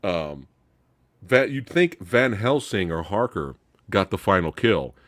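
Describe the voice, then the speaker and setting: Low-voiced excitable man hosting. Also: slow pace, no echo, studio quality. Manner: excitable, laughing, stumbles into restarts. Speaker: host. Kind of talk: casual movie review chat.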